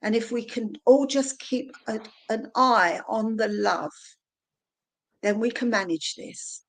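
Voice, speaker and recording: A woman's voice: on the high side, slow pace, vocal fry. A middle-aged woman co-hosting a livestream conversation, talking in an earnest, emotional, personal way over a video call. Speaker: guest host.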